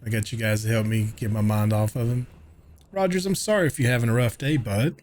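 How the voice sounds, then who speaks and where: A man's voice: mid-range voice, fairly quick, a little mellow, slight background noise. A man from New York streaming a game live, chatting casually with viewers, reading their messages aloud and swearing offhandedly. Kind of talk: casual live-stream chat while gaming.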